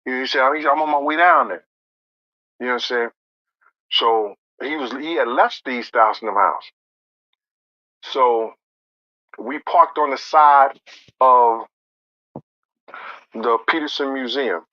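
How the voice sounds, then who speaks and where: A man recounting a story in profane street slang, acting out others' lines and rising to near shouts. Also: mid-range voice, slow, pauses often, no room sound, muffled recording. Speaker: storyteller in an interview clip.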